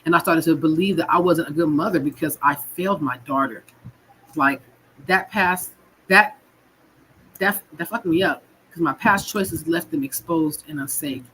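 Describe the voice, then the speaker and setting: A woman's voice: low voice, normal speed, fairly bright tone, slight background noise, poor audio. A woman from California telling her own story in a raw, frank, emotional way, swearing and repeating her words. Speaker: guest sharing her story. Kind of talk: personal storytelling.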